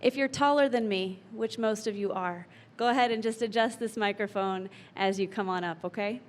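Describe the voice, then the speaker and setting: Woman emcee, brisk and friendly, introduces speakers at a memorial. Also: mid-range voice. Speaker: event emcee. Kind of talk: announcing. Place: memorial gathering hall.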